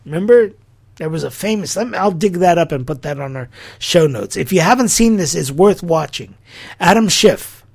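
A middle-aged man hosting a podcast, talking through an opinion monologue in an incredulous, rhetorical way. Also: sits high. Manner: incredulous, rhetorical, acts out quotes. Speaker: podcast host.

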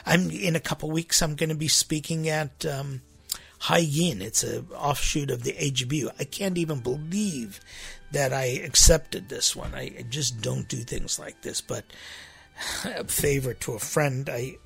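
Gravelly, husky-voiced priest preaching casually. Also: male voice, on the high side, a little slow, a bit bright, faint music behind. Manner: rambling, repeats himself, rhetorical "right?" asides. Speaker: Armenian church priest. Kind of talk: conversational sermon to a congregation.

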